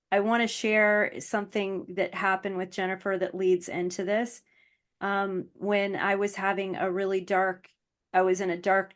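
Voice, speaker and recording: A woman guest on an interview podcast, speaking earnestly and from the heart, with frequent ums. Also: medium pitch. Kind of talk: casual interview chat.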